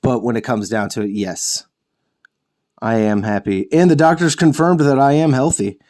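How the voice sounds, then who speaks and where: A young man talks casually while painting miniatures, rambling and correcting himself as he goes. He jokes around and curses now and then. His voice sits at an ordinary middle pitch. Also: fairly even intonation, moderate pace, darkish tone. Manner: rambling, self-correcting, jokey with swearing. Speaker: host of a miniature painting show.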